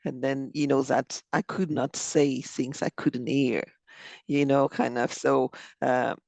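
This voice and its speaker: A man speaking English as a second language in a group video call, halting, with many fillers. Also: mid-range voice, little pitch movement, gravelly, darkish tone, dry recording. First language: not English. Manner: halting, many fillers like "you know, kind of".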